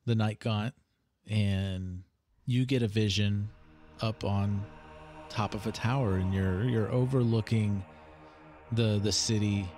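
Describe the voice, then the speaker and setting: Male game master, low-pitched, slow and halting delivery. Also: fairly even intonation, darkish tone, soft background music. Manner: hesitant, halting with fillers. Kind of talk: narrating a tabletop game.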